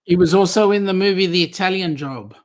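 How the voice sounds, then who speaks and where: A man, co-hosting a live stream with brief, relaxed replies. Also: sits high, fairly quick. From Australia. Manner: laid-back, brief replies. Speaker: co-host.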